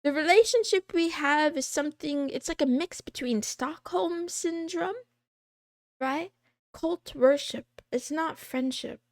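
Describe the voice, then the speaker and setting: A woman streamer chatting casually on a livestream, rambling and laughing often, a little hoarse. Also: sits high, measured pace, dry recording, studio quality. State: losing her voice. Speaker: VTuber streamer.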